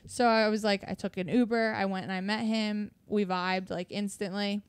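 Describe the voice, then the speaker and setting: A woman's voice: medium pitch, fairly even intonation, normal speed, clear, resonant tone, no echo. A young woman with a Delco accent, a podcast guest telling stories in casual chat, blunt and swearing freely as she acts out what others said. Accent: Delco (Philadelphia suburbs).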